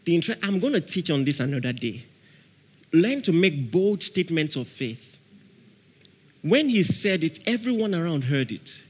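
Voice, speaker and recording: A man preaching a sermon as pastor, animated, laughing often and shouting out dramatic prayer examples. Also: fairly high pitch, normal speed, husky. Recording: long reverb of a large hall.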